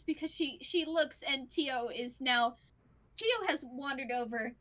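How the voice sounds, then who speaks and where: A woman's voice: high voice, measured pace, fairly bright tone. A woman running a tabletop game as game master, chatty and full of fillers, narrating scenes and acting out sounds.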